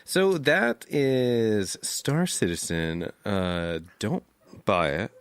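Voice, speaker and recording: Low-voiced, easygoing podcast co-host. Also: male voice, very slow, smooth, dry recording. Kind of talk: casual chat.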